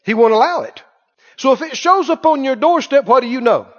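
A man's voice: extremely high pitch, lively intonation, brisk. A male pastor preaching a sermon emphatically, with call-and-response questions to the congregation. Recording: dull echoey church recording.

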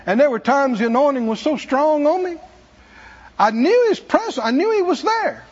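A man preaching, telling a self-mocking personal story in an animated way. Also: extremely high pitch, moderate pace, long reverb tail, muffled recording. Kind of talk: testimony sermon. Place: church.

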